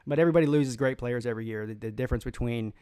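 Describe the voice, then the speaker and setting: An opinionated man hosts a live sports stream, reading viewer comments aloud and answering them. His mid-pitched voice rambles through restarts and filler words as he talks. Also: very fast, mellow, smooth. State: has the hiccups. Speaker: sports channel host.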